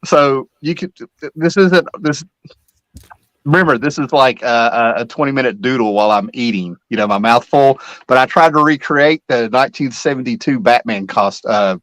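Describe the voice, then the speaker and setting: A man's voice: mid-range voice, normal speed, fairly bright tone, no room sound, low-quality recording. A middle-aged man hosting a casual chat, rambling and nostalgic, often trailing off mid-sentence. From Kentucky-Virginia area. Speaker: host.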